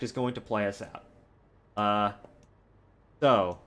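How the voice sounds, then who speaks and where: A man's voice: fairly low pitch, takes it slowly, fairly bright tone. A man hosting a train game livestream, chatting casually in a rambling, jokey way with fillers. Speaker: livestream host. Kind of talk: casual stream chat.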